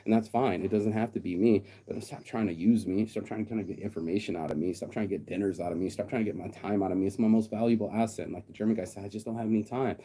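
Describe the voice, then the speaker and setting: A man's voice: fairly low pitch, steady tone, quick pace, few pauses, dark tone, slightly rough. A middle-aged man in a casual, profane vlog rant, blunt and mocking, often mimicking other people in quotes. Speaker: vlogger. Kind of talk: casual ranting monologue.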